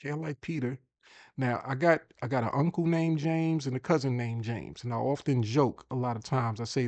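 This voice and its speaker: A man's voice: mid-range voice, normal speed, darkish tone, no echo. A man hosting a casual screen-share tutorial, chatty and thinking aloud as he repeats himself. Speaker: host.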